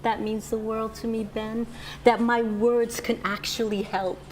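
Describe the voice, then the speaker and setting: A woman's voice: fairly high pitch, little pitch movement, unhurried, darkish tone, a little hiss or hum, lightly acted. An older woman acting a hopeful friend smitten with a new man, eager and gushing, in a TV drama.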